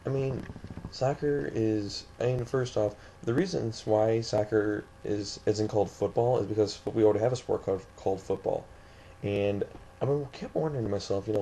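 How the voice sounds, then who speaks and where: Rambling indignant young man, low mellow voice. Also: moderate pace, slight background noise. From St. Louis area, USA. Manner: indignant, rambling, with many restarts. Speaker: vlogger. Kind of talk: ranting vlog monologue.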